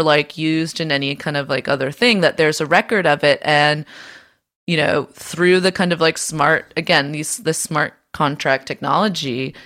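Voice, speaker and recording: A woman's voice: low voice, fairly bright tone. A woman co-hosting a podcast, explaining ideas at length in a casual, swearing way full of fillers and restarts. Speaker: podcast co-host. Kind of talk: casual political discussion.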